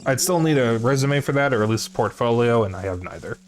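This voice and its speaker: A man chats casually while streaming a game, rambling and self-deprecating. His voice sits at an ordinary mid pitch. He talks in an easygoing, offhand way. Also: expressive, fast.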